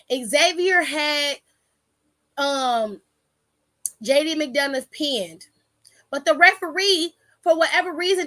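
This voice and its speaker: In a high-pitched, bright and forceful voice, a female podcast host retells a wrestling match casually, acting out quoted lines and dropping some swear words.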